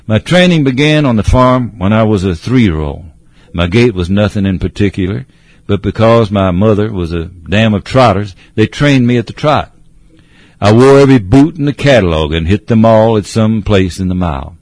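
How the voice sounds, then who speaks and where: A man narrating a storybook in a measured, old-fashioned way, addressing a listener as sir. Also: on the low side, lively intonation, a little mellow, no room sound.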